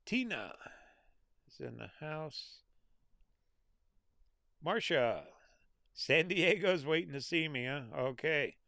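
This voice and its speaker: A man's voice: on the high side, expressive, slow, creaky, pauses often, a bit bright, no echo, clean studio sound. A middle-aged American man hosting a casual livestream, reading out viewer names and comments in an easygoing, folksy way. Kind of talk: casual live chat.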